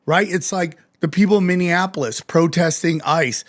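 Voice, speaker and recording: High-voiced man ranting on a podcast. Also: normal speed. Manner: animated, profane ranting with mock-quoted exchanges. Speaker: podcast host. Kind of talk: casual podcast chat.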